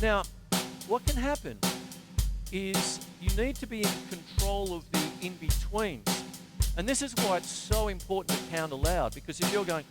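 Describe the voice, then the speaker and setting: A man's voice: high voice, lively intonation, moderate pace, over loud music. A man from Australia teaching drums on a live stream, chatting casually and counting beats aloud while he plays. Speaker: drum teacher. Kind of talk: live-streamed drum lesson. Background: drum kit playing.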